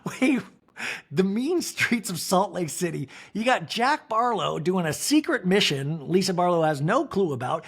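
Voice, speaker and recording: Podcast host guy ranting about a reality episode, super expressive pitch, rambly and disbelieving. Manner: animated, incredulous, rambling. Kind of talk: comedic TV recap monologue.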